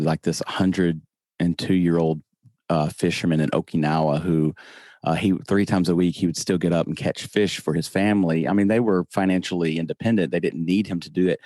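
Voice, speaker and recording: Deep slow Southern man. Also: darkish tone, no echo, clean studio sound. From American South. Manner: slow, unhurried, self-deprecating humor, frequent restarts. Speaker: podcast guest. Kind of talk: casual interview chat.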